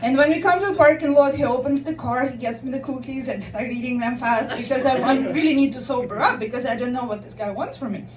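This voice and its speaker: A woman with a high voice tells a personal story in an easy, chatty way and laughs now and then as she goes. She sounds a little distant from the mic. Her voice rings in an echoey room over a faint hum of background noise. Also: quick pace, hardly any pauses, crowd noise. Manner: chatty, laughs often mid-sentence. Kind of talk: personal story told to listeners.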